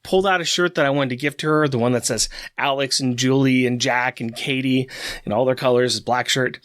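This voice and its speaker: A man co-hosting a comic book podcast, telling a long story in an excited, animated way. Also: mid-range voice, brisk, no room sound, clean studio sound. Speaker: podcast co-host. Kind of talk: casual chat.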